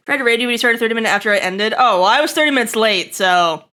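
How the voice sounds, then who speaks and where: A woman streaming live, chatting to her viewers in an excitable, giggly way. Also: on the high side, very fast. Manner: excitable, giggly, talks straight to chat.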